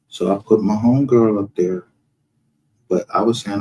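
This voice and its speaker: A man's voice: on the low side, steady tone, brisk, darkish tone. Brash, profane man. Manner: brash, profane, laughs often. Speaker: livestream host. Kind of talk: casual livestream commentary.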